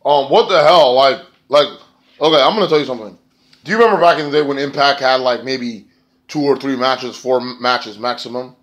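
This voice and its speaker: A man's voice: mid-range voice, fairly bright tone. A man casually reviewing a wrestling show, rambling, sarcastic and profane.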